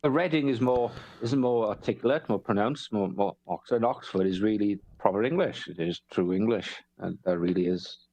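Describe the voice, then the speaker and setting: A man's voice: on the low side, normal speed, few pauses, a little mellow, no echo, poor audio. A man from Wales with a South Welsh accent, chatting casually on a podcast, rambling and swearing freely. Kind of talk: casual chat.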